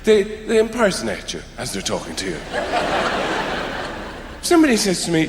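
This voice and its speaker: An Irish man doing stand-up comedy, wry and rambling, shifting between mumbled asides and loud outbursts. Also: sits high, huge pitch swings, moderate pace, background noise. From Ireland. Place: theatre stage before a live audience. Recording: roomy hall with long reverb.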